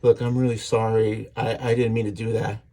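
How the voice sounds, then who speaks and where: A man's voice: fairly low pitch, little pitch movement, moderate pace, dark tone. A man voicing a frightened, protective young woman from a comic book, in a raised, strained voice. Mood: scared.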